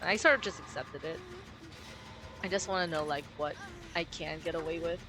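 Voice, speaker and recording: Woman streamer, low-pitched, gruff edge, casual and candid, slightly pushed-down register. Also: moderate pace. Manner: speaks in a low, somewhat forced register; candid and musing. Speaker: game streamer.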